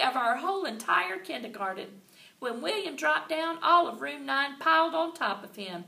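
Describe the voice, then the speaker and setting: Expressive woman reading aloud, bright and gravelly, recorded far off in a roomy space. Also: sits high, moderate pace. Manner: lively, expressive storytelling. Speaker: reader. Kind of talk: reading a children's book aloud. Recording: roomy and distant, faint ambience.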